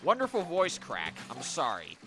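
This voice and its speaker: A man's voice: a little high, wildly swooping pitch, moderate pace, music in the background. A young man giving live gameplay commentary as a streamer, chatty, reacting to the game and talking to his chat.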